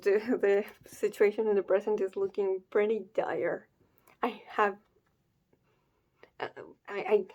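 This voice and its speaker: A woman hosting a comic reaction video, reading panels aloud and reacting in a hesitant, casual way with soft sighs. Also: mid-range voice.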